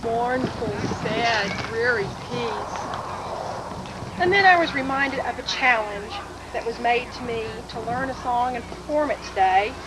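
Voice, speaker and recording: A woman's voice: a little high, noisy background. A woman performing a bard's song at a gathering, introducing it, then singing an unaccompanied comic folk ballad in a playful way. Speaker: bard performer.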